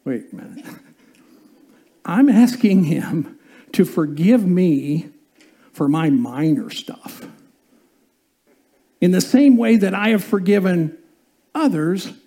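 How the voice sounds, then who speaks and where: A man's voice: high voice, animated, slow, long pauses, dark tone, slightly rough. A male pastor preaching a sermon in a conversational way, often asking the congregation questions.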